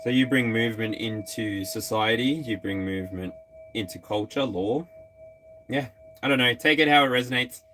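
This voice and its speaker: A man's voice: mid-range voice, normal speed, background noise. An Australian man giving an intuitive tarot reading, talking straight to each star sign in a musing, tentative way. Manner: musing, tentative, talks to signs directly. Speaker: tarot reader.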